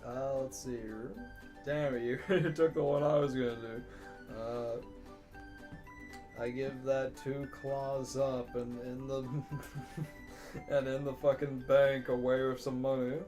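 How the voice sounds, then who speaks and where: A man co-hosts a comedy podcast and drawls his reactions slowly. He jokes crudely and laughs often. Faint guitar music plays behind him. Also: mid-range voice, level tone. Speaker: podcast co-host. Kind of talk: casual comedic chat.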